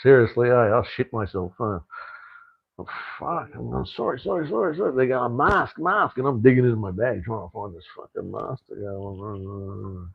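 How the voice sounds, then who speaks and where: Gravelly, blunt Australian man on a live stream. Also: medium pitch, animated, fairly quick, dry recording, phone-quality sound. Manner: blunt, rambling, swears freely, says "mate" a lot. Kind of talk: casual live stream chat answering viewer comments.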